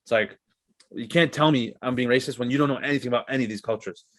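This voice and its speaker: Male comedian guest from Canada, mid-pitched, profane ranting delivery, casual podcast chat. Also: quick pace, no room sound.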